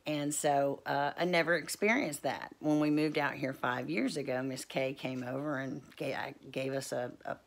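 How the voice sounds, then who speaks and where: A middle-aged woman talks in a casual vlog. Her voice sits low. She rambles warmly between thoughts, full of fillers, restarts and devout asides. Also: steady tone, moderate pace, vocal fry, hardly any pauses. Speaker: homestead vlogger.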